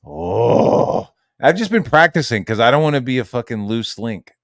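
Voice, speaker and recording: A man hosting a casual, profanity-heavy chat about a video game, animated and acting out quoted voices. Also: mid-range voice, moderate pace, no room sound, studio quality. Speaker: host.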